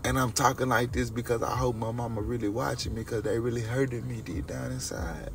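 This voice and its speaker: A young man with a gravelly, creaky voice, talking straight to his viewers during a late-night livestream. He tells his stories in a loose, rambling way. The sound comes from a phone set a little way off, with a faint hum behind him. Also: mid-range voice, flat delivery, brisk, hardly any pauses, a bit bright, far from the mic. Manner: loose, storytelling, talks straight to chat.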